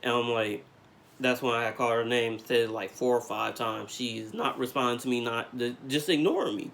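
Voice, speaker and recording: A young man vlogging, telling a story in casual slang with lots of fillers, getting animated as he retells it. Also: medium pitch, moderate pace, creaky, a little hiss or hum. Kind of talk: storytime vlog.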